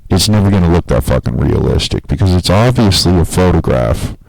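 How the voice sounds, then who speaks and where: A man's voice: deep voice, animated, fairly quick, creaky, a little mellow, no room sound, rough recording. A man telling a rambling, profane story in casual talk, laughing at his own tale and acting out quotes in a raised voice.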